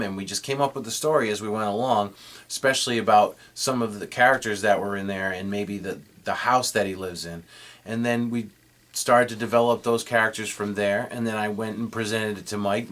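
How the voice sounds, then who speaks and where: A man's voice: on the low side, fairly bright tone. A man who co-writes and animates a cartoon, talking about it in an easygoing way with fillers. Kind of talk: casual explanation.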